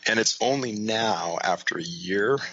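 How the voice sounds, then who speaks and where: A man's voice: on the low side, measured pace, pushed and bright, dull audio. A male guest in an interview, explaining his ideas thoughtfully with lots of "you know" and "right?". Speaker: guest, leadership author and coach. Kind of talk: casual interview talk.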